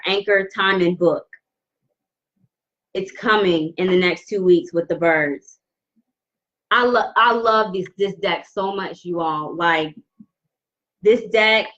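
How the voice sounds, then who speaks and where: A woman giving a live tarot reading, talking slowly with many restarts as she holds back tears. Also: medium pitch, lo-fi sound. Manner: warm, emotional, halting with many restarts. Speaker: tarot reader. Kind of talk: live-stream card reading.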